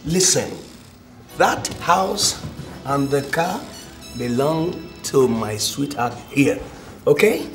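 A man's voice: mid-range voice, lively intonation, takes it slowly, pauses often, roomy sound, soft background music. A man playing a smug groom in a TV sitcom, mockingly telling his ex to leave. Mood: dismissive. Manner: emphatic, mocking. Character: smug, dismissive groom shooing away his ex. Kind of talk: TV sitcom acting.

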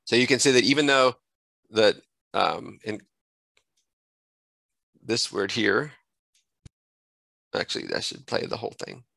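Halting man giving a software tutorial. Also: mid-range voice, creaky, no room sound, rough recording. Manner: halting, self-correcting, thinks aloud while clicking. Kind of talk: screen-recorded software tutorial.

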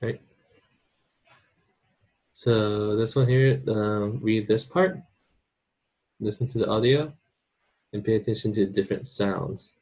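Male online teacher, low husky voice, relaxed and informal, speaks. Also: slow, long pauses. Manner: informal, checks in with "okay?" and "right?". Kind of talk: recorded online lesson.

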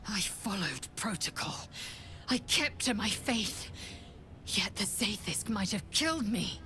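A woman's voice: mid-range voice, lively intonation, a little slow, noisy background, natural voice. An actress voicing a proud, fierce githyanki warrior woman in a video game, speaking in a harsh, commanding and defiant way. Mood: grim.

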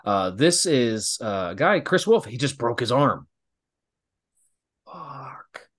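Animated male wrestler telling stories. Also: mid-range voice, measured pace. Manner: animated, laughing storyteller who acts out quotes. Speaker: guest wrestler. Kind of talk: casual storytelling.

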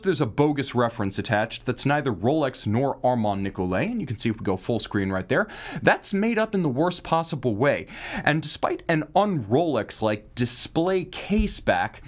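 A man hosts a live stream with a lively voice that swings up and down in pitch. He talks in a wry, theatrical way, full of mock outrage and jokes, at a middling pitch. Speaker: host of a live watch news show.

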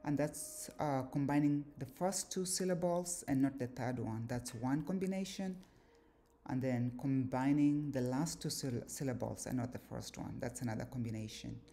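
A woman giving a slow, deliberate explanatory lecture on word meanings, pausing often with fillers. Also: very deep voice, mellow, slight background noise. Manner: measured, deliberate, with pauses and fillers. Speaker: language teacher.

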